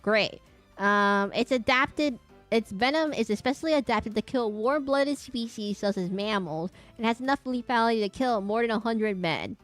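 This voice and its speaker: A woman VTuber streamer in casual chat while she draws, rambling and breaking off her own sentences, sometimes dropping to a quiet mutter. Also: on the high side, moderate pace, soft background music. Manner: rambling and self-interrupting, often laughing.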